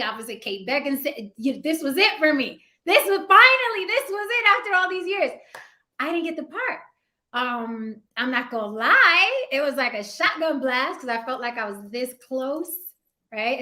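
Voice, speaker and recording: A woman hosting an interview show, telling candid stories in a casual, expressive way and laughing often. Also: fairly high pitch. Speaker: show host.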